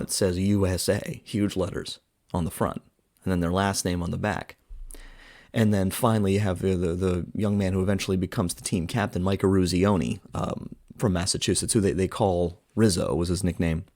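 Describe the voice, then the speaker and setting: A man with a low, deep voice talks through a film review in a loose, chatty way. He leans on filler words and slips into quoted lines as he retells scenes. The recording is close and dry, with no room sound. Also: moderate pace, a little mellow, no room sound. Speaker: podcast host reviewing a film. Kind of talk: casual film review monologue.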